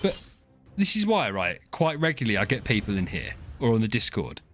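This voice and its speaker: A man's voice: fairly low pitch, sing-song, brisk, fairly bright tone. A chatty man, chatting casually as a streamer. He teases and rambles, often restarting his sentences. Faint music plays behind him. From southern England. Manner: chatty, teasing, frequent restarts and laughs. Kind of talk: casual chat with chat readers.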